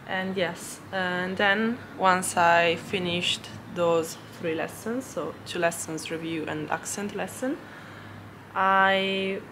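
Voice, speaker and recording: Over background noise, a young non-native English speaker chats on her language-learning vlog, her voice on the low side. She giggles a lot, and her pauses fill up with ums and restarts.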